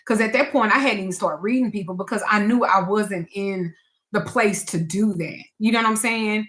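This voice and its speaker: American lady reader talking real blunt, bright voice, cusses, preachy and frank. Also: mid-range voice, moderate pace. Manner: frank, blunt and emphatic, with swearing and slang. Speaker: spiritual advisor and tarot reader. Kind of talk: candid talk to camera.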